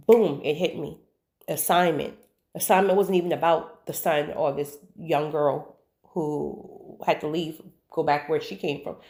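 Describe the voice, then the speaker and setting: A woman with a deep voice and measured pace recounts a personal story straight to the viewer. It's an animated, casual monologue where she repeats words for emphasis.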